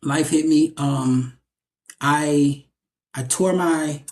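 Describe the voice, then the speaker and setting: A young adult man, an actor, telling stories in a casual interview, animated and often repeating his words as he goes. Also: fairly high pitch, extremely slow.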